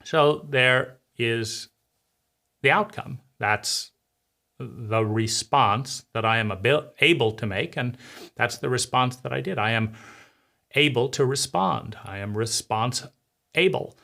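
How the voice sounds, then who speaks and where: A man teaches in an animated monologue, slipping into the voices and scenes he describes. His tone is bright and forward, and he leans on repeated rhetorical phrases to drive a point home. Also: mid-range voice, slow, gravelly. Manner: acts out inner voices and scenes. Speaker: teacher of a personal-growth channel.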